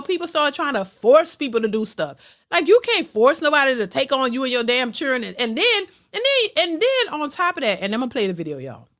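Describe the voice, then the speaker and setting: A woman's voice: sits high, fairly bright tone. A woman hosting a reaction channel, ranting bluntly and emphatically, repeating her points. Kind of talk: ranting commentary.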